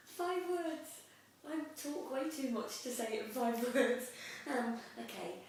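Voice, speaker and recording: A young actress chatting in an interview, lively, with frequent laughs and "um" fillers. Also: female voice, sits high, slow, slight background noise. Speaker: actress guest. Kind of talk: casual interview chat. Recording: echoey room, mic at a distance.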